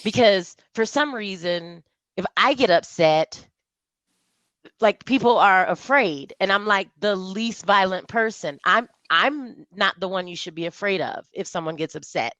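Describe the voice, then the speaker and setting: Woman, podcast guest, casual chat, animated storyteller, dry close sound. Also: mid-range voice, a little slow, dry recording, low-quality recording. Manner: animated storytelling, mimics coworkers' voices. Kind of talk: casual conversational interview.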